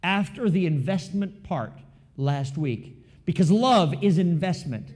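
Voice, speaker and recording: A man preaching a sermon in church as pastor, swinging between loud and soft and throwing in joking asides to the congregation. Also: sits high, expressive, unhurried. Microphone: live stream recording.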